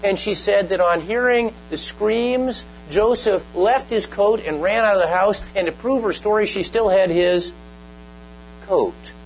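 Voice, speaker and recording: Earnest preaching man, slightly high voice. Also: a little slow, faint music behind, rough recording. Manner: earnest, emphatic, often asks the listeners direct questions. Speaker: pastor. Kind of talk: sermon.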